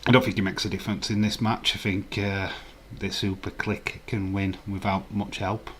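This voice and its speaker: Chatty man, low voice. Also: little pitch movement, normal speed, a bit bright. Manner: rambling, chuckling, chatty asides. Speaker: live stream host. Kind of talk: casual live stream chat, reading chat.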